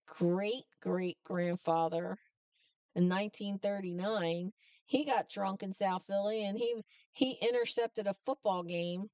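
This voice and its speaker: A woman's voice: medium pitch, creaky, darkish tone, no room sound, far from the mic. A woman vlogger telling family stories in a chatty way, laughing as she goes. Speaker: trucking vlogger. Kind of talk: casual storytelling.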